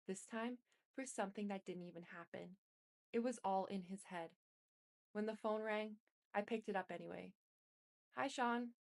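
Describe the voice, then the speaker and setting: A woman reading a memoir aloud in an even, unhurried way, with small restarts. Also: medium pitch. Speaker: reader.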